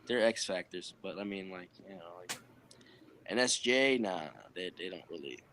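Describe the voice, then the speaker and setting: A man with a low voice bantering loosely, slangy and boisterous, repeating his catchphrases. Faint room ambience hums behind him. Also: normal speed, fairly bright tone, a little hiss or hum. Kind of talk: casual banter.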